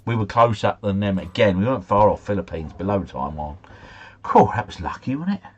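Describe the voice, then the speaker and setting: A man's voice: fairly low pitch, lively intonation, fairly quick, husky, muffled recording. A man streaming live, chatting casually and muttering asides as he plays a geography guessing game. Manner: chatty, mutters asides, mild swearing, easily flustered.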